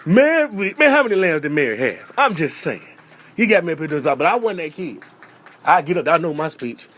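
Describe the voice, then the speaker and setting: A man's voice: fairly high pitch, big pitch swings, fairly quick, fairly bright tone. A man doing stand-up storytelling about growing up in church, playful and acting out little voices, often repeating a catchphrase. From North Carolina. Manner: playful, repeats "I'm just saying", acts out voices. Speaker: comedian.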